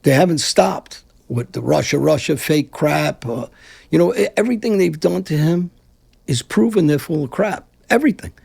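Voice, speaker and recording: Speaking as the guest in a laid-back interview, an ex-mafia figure from Brooklyn, New York curses freely and talks with a blunt, combative edge. His fairly high voice moves at normal speed and sounds gravelly, slightly rough, with a darkish tone.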